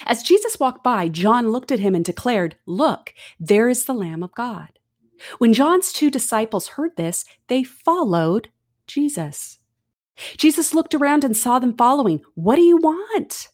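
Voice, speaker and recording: A woman's voice: on the high side, very animated, unhurried, darkish tone, no room sound, clean studio sound. A middle-aged woman giving a conversational, earnest Bible teaching with casual asides.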